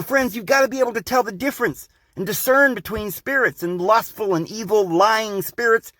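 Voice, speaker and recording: A man with a high voice hosts a podcast in a rambling, insistent monologue. He keeps addressing the listeners as guys and friends. The recording is close and dry, with no room sound. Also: fairly bright tone, no room sound. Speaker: podcast host. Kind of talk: preachy monologue.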